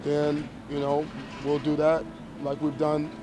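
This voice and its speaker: A man answering reporters as a college football head coach after a game, measured and emphatic, often restarting and repeating phrases. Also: a little high, monotone. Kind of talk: post-game press conference.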